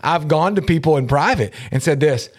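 A middle-aged man co-hosting a casual talk show, animated and laughing often as he acts out quotes in shifting voices. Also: fairly high pitch, moderate pace. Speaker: podcast co-host. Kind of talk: casual chat.

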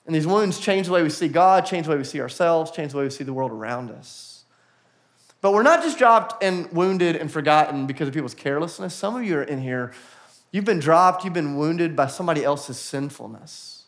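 A man preaching a sermon to a church congregation, earnest and building to animated emphasis, with quick acted-out asides. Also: fairly high pitch. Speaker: pastor. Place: church auditorium.

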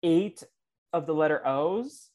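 A man's voice: fairly high pitch, takes it slowly. Laid-back podcast guy, ums and likes, ordinary voice. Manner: relaxed, hesitant with fillers. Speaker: podcast co-host. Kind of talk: casual chat.

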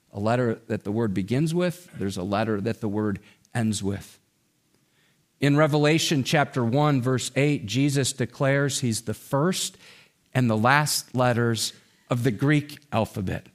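Slow, emphatic male preacher. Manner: slow emphatic preaching with wide swings in pitch. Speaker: pastor. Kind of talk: sermon.

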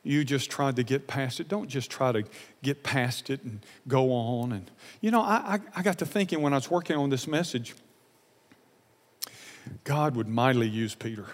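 Earnest pastor preaching in a reverberant hall. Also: male voice, medium pitch, normal speed. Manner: earnest, emotional, repeats phrases, dynamic swings from loud to soft. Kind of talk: sermon.

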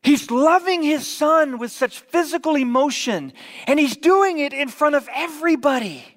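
High-voiced male preacher, animated sermon. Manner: animated storytelling, dropping to hushed whispers. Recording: long reverb of a large hall.

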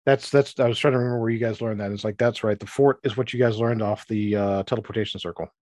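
A man's voice: on the low side, fairly even intonation, a little mellow, no room sound, studio quality. A man narrating a tabletop fantasy game as game master, rambling and restarting his sentences. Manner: rambling, restarts often, voices townsfolk in quick asides.

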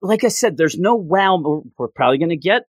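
A man chatting casually on a podcast, recapping a manga chapter in an animated, excitable way. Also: fairly high pitch, fairly quick, no echo, studio quality. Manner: animated, excitable retelling with playful voices for characters. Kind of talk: casual chat.

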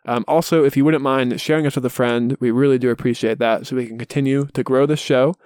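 A man hosting a podcast who leads the chat and wraps up the show in a relaxed, easygoing way. His voice has a middle pitch. It sounds close and dry, with no room sound. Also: quick pace, no room sound. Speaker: podcast host.

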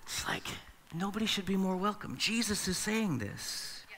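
A man's voice: high-pitched, lively intonation, moderate pace, a bit bright, a little hiss or hum. A man preaching a sermon as pastor in a church, conversational and acting out the voices he quotes. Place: church sanctuary. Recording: long reverb of a large hall.

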